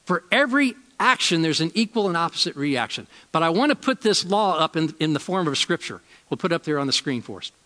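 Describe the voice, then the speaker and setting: Bright-toned storytelling pastor, a man. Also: a little high, big pitch swings, long reverb tail. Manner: storytelling, shifts from loud emphasis to slow, quiet lines; repeats key lines slowly for emphasis. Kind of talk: sermon.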